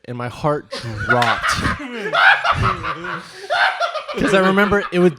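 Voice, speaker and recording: A Californian man co-hosting a comedy podcast, telling a childhood story in an animated, laughing way. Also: high voice, slow, creaky, pauses often, very noisy. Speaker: podcast co-host. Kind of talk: casual storytelling.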